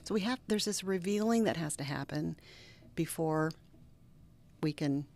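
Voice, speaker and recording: Low, gravelly middle-aged woman telling stories. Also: measured pace. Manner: earnest, animated storyteller who drops to soft near-whispers. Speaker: reverend and guest. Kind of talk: interview conversation with personal storytelling.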